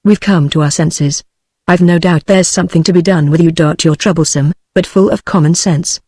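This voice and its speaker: A woman's voice: lowish voice, normal speed, dry recording, studio quality, lightly acted. A woman with a British accent, a synthetic voice, reading the lines of a ruthless, misshapen male clerk holding a gun. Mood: menacing. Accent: British English. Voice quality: even synthetic delivery.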